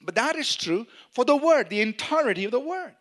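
A man's voice: extremely high pitch, brisk. A man preaching a sermon, reading scripture and asking the congregation if they follow him. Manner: animated preaching with questions to the congregation. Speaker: pastor.

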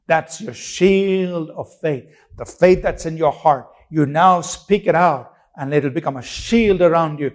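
A man preaching a sermon with a somewhat high voice. He talks emphatically, repeats phrases for effect and fires off rhetorical questions, sometimes restarting mid-sentence. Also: unhurried.

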